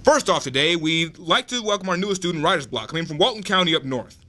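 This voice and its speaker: A man's voice: fairly high pitch, animated, fast, bright, forceful tone. A young man voicing a peppy teenage boy reading school announcements.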